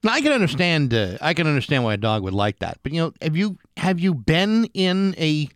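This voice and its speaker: A man's voice: fairly high pitch, big pitch swings, brisk, dry recording, clean studio sound. A man hosting a morning radio show, chatting casually in a rambling way with frequent restarts. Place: radio studio.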